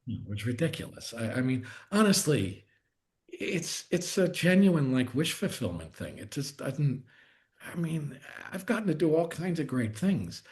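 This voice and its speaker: A man's voice: on the high side, very animated, a little slow, darkish tone. A middle-aged actor chatting as a guest on a video call, talking in restarts and self-interruptions and growing more enthusiastic as he goes. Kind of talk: casual interview chat.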